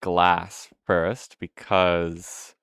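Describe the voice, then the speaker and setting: A man's voice: deep voice, flat delivery, extremely slow, vocal fry, fairly bright tone, smooth, no echo, clean studio sound. A young man giving casual, rambling gameplay commentary, hiccuping now and then, correcting himself and swearing offhand. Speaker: gameplay video host.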